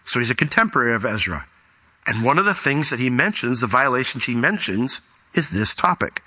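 A man preaching a sermon as pastor, reading scripture aloud and explaining it, often rising in pitch for emphasis. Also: a little fast, slightly rough. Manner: animated, rises sharply in pitch for emphasis.

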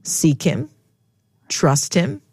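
A woman talks through scripture with a co-host in a relaxed teaching chat. Her voice sits on the lower side. She reads verses aloud with clear emphasis. The recording is close and dry. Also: extremely slow, no echo. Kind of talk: casual Bible teaching chat.

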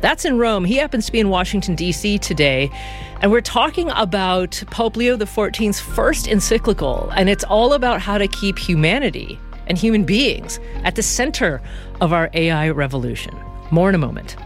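A radio talk show host interviewing a guest in a curious, lively way. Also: mid-range voice, normal speed, faint music behind. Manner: lively, curious, self-deprecating.

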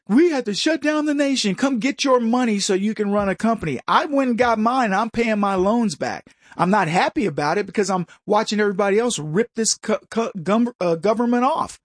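Combative high-voiced male commentator. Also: dry recording, studio quality. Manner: combative, mocking, mimics opponents in quoted voices. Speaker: commentary show host. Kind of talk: opinion monologue.

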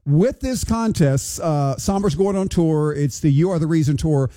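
A man's voice: on the high side, moderate pace, dark tone. A man hosting a morning radio show, chatting casually and wondering aloud in a bemused, conversational way. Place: radio studio.

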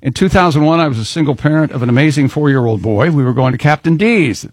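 A man's voice: on the high side, lively intonation, fast talker, husky, dry recording. A man co-hosting a radio show, reading listener letters aloud with playful emphasis and frequent laughs. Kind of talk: casual radio banter.

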